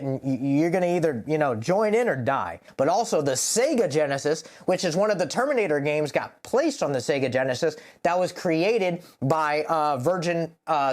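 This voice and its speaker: A man talking casually as a rapper, explaining the meaning of his own lyrics in a rambling, profane way, full of "like.". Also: a little high. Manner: rambling, profane, heavy use of "like". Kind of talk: casual lyric breakdown to camera.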